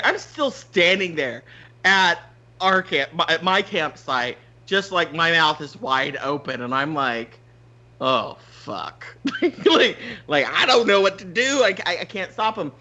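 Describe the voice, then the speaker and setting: A podcast host telling a story in casual chat, animated, swearing freely and laughing often. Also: male voice, high voice, a little slow, highs cut off.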